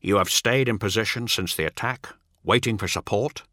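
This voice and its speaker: A man voicing a cold, ruthless male warrior commander who speaks in a flat, clipped, menacing way. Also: fairly low pitch, moderate pace, no echo, studio quality.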